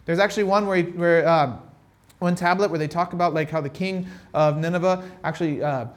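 A man preaching a casual, conversational sermon, retelling a Bible story with animated asides and frequent check-ins with listeners. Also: fairly high pitch, a little fast. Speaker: pastor.

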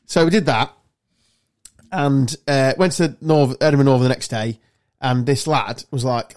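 A young man tells a long, winding anecdote in casual podcast chat. He swears freely and rambles through the story with animated energy. His voice sits at an ordinary male pitch. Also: measured pace. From South Lincolnshire, England. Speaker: podcast host.

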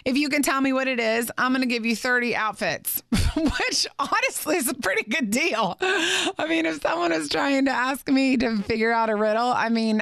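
Chatty woman teaching the Bible, slightly high voice. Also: dry recording, clean studio sound. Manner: chatty and animated, with playful asides between verses. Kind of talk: Bible teaching podcast, reading scripture and commenting.

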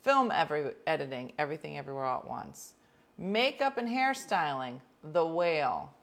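Casting: talkative woman host, slightly low voice, very animated delivery, rambling with whispered asides. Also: moderate pace. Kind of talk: casual chat.

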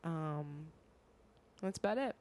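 A woman co-hosting a casual podcast, laid-back and quick with quips. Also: sits low, animated, a little mellow. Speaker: podcast co-host.

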